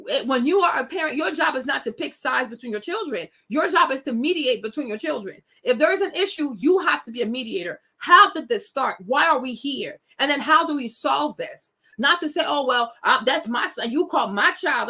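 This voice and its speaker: A young woman from West Africa, talking to her viewers with a high, bright voice. She speaks with emphasis, laughs often, and calls her audience y'all and girl, like an unfiltered vlog host. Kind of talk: casual monologue to viewers.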